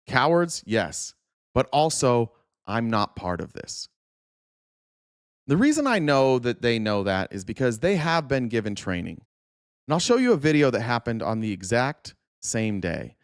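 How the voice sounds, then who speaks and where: A podcast host talks through news clips with blunt sarcasm and a lot of swearing. His voice sits at a middle pitch and is recorded close with a dry sound and no room echo. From Arizona, USA.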